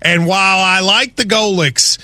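A man's voice: sits high, a little slow, dry recording. A man co-hosting a sports talk show, bantering casually and poking fun at himself. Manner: animated, self-deprecating, breaks into laughs.

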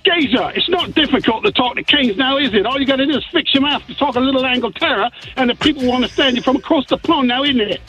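A man's voice: very high voice, lively intonation, quick pace, few pauses, pushed and bright, full character voice. A man putting on a cheeky English geezer. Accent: put-on English. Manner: playful, slangy, tag questions. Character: brash man in a put-on English accent. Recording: dull phone-line call.

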